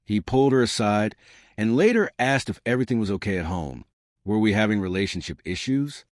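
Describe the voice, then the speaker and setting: A man narrating his own story in a wry, deadpan way. His voice sits a little low yet moves lively up and down. The recording is dry and close. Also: brisk, no echo. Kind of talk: scripted first-person story narration.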